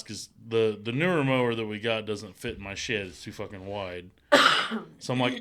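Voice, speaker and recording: A man's voice: on the low side, fairly quick, sharp tone. A man telling rambling, swear-heavy stories and laughing through them in a casual chat. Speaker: podcast co-host.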